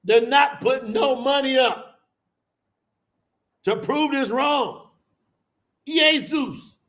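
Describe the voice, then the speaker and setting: A man preaching with fire to a live audience, emphatic and colloquial, calling out to the crowd as y'all and bursting into shouts. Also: very high-pitched, slow. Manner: colloquial, addresses listeners as y'all. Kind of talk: fiery sermon to a live audience.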